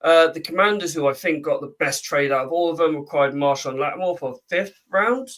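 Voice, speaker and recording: A man's voice: a little high, fairly quick, a bit bright, recorded from a distance, low-quality recording. A man from the UK co-hosting a podcast, reading out the week's news in a chatty way with many ums. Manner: chatty, with frequent ums and uhs while reading. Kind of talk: casual chat.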